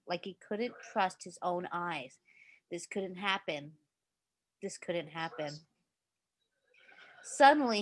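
A woman with a somewhat low voice reads a story aloud. Her delivery is casual and unpolished, with the odd stumble and quick self-correction as she goes. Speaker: reader.

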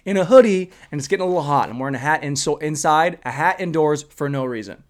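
A young man podcasting alone in his room, rambling and profane, swinging between loud rants and muttered asides. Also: on the high side, fast talker. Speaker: solo podcaster. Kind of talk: casual comedic monologue.

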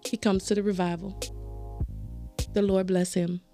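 A woman tells a personal story as a podcast guest. Her voice sits at an ordinary pitch for a woman. She keeps the telling lively and conversational. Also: moderate pace, soft background music. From Southern United States. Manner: animated, acts out quoted voices. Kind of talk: casual storytelling chat.

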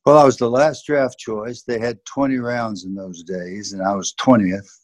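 A man's voice: mid-range voice, fairly even intonation, moderate pace, no room sound. An older man with a Southern accent, a former football coach telling stories in an earnest, emphatic way. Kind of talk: reflective storytelling in an interview.

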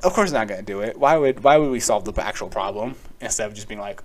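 A man's voice: lowish voice, fast, darkish tone. A young man hosting a solo podcast, rambling casually with lots of swearing, filler words and sarcastic asides. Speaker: podcast host.

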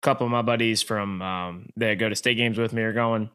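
A man with a low but bright, forceful voice talks sports on a podcast. His delivery is relaxed and conversational, with the odd filler word. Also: brisk, clean tone. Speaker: podcast co-host. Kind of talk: casual chat, sports talk.

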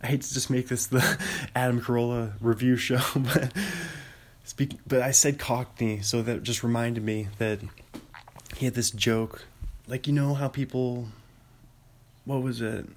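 A man's voice: medium pitch, fairly even intonation, measured pace. A man hosting a podcast, rambling about films in casual chat, often correcting himself and chuckling. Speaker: podcast host.

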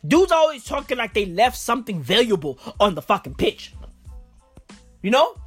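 A woman's voice: fairly high pitch, very animated, moderate pace, husky, faint music behind. A woman hosting a podcast from a recording booth, with a stuffy, blocked nose, ranting in a profane, rambling, slangy way. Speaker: podcast host. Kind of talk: comedic rant.

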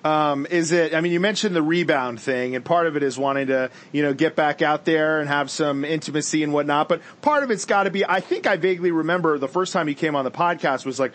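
A man's voice: fairly high pitch, a little fast, hardly any pauses, a bit bright. A man hosting a podcast, joking and rambling through stories. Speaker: podcast host. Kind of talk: casual chat.

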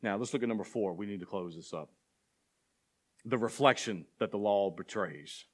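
A man with a fairly low voice preaches at a moderate pace as pastor of a church. Rising in intensity, he trades call-and-response questions with the congregation and builds toward emphatic passages.

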